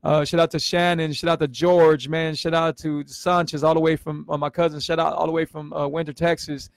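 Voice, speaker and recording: Gravelly earnest man in his forties. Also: fairly high pitch, flat delivery, a little fast, no echo, studio quality. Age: 40s. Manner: earnest, emotional, repeats himself and stumbles, gives shout-outs. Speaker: vlogger sharing his health story on a livestream. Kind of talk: casual livestream talk.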